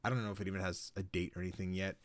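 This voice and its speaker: Animated man acting out voices. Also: low-pitched, very fast, no room sound. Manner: animated, acts out voices, swears casually. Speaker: podcast host. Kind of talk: casual chat.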